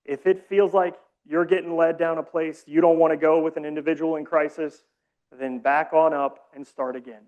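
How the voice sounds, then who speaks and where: A man leading a community training session, explaining calmly with casual, self-deprecating asides. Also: a little high, normal speed, dull audio. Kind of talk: training presentation.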